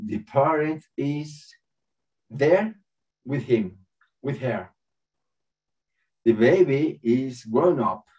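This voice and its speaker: A man in his forties talks in broken English and acts out little scenes with great animation, laughing along the way. His pace is unhurried. The recording is dull and he sits well back from the mic. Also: mid-range voice, darkish tone, far from the mic. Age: 40s. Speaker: speaker at a spiritual festival. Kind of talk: personal spiritual talk with acted-out scenes.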